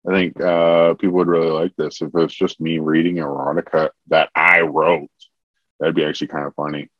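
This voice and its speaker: Deep-voiced man reading comic erotica. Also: level tone, fairly quick, no echo, muffled recording. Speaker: comedian reading his own erotica. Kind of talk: comedic reading of a written story.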